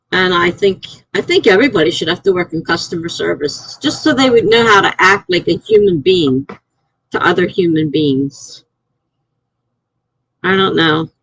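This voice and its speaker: A middle-aged woman hosting a live stream, chatting casually and rambling through stories, getting animated when she is indignant. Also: medium pitch, unhurried, vocal fry, slightly rough, no echo, poor audio. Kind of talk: casual live-stream chat reading comments.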